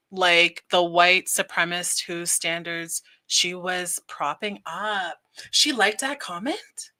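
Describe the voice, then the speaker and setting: A woman's voice: lowish voice, bright, forceful tone. A woman hosting a casual livestream, chatting, laughing often and reading viewer comments aloud. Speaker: livestream host.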